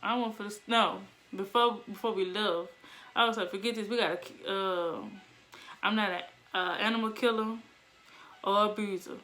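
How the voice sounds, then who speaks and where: Animated young woman telling a story. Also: medium pitch, moderate pace. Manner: animated, laughs, acts out voices. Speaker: vlogger. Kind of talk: casual storytelling.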